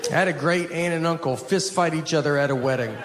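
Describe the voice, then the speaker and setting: A man in his forties works a live stand-up set in an unhurried, deadpan drawl, his voice sitting a little high for a man. He slips in and out of the people in his stories without raising the stakes. Audience noise carries clearly under the recording. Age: 40s. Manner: deadpan storytelling, quoting people in flat asides. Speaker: stand-up comedian. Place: stage before a live audience.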